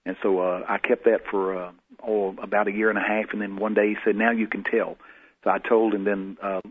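A man's voice: on the low side, little pitch movement, fairly quick, slightly rough. A man, a guest in an interview, telling personal stories in a folksy way and acting out the voices he quotes. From Texas. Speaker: guest prophet. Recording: tinny phone-like lo-fi sound.

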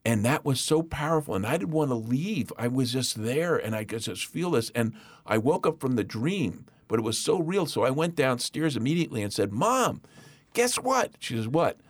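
A middle-aged man telling a personal testimony in a lively, animated way, acting out the voices of the people in his story. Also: medium pitch, fairly quick, hardly any pauses, no echo. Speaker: guest.

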